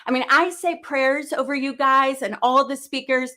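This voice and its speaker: In a sharp tone with fairly even intonation, a woman hosts a business event livestream at normal speed. She's heartfelt and earnest, openly faith-filled, and often starts her sentences over in this emotional, rambling talk.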